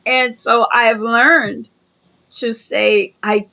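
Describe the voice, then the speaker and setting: A woman's voice: a little high, steady tone, slow pace, vocal fry, pushed and bright, dull audio. A woman being interviewed, giving earnest conversational coaching advice and often repeating her phrases. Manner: earnest, repeats phrases, acts out quoted dialogue. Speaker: interview guest.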